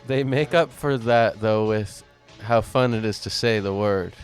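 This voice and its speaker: Relaxed male stream host, rambling. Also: lowish voice, measured pace, faint music behind. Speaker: host of a live-streamed talk show. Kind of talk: casual chat.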